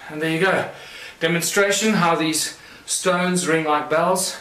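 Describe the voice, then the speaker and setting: A man's voice: a little high, steady tone, measured pace, sharp tone, slight background noise. A man giving a conference lecture, explaining things and pointing them out to his audience as he demonstrates. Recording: echoey room.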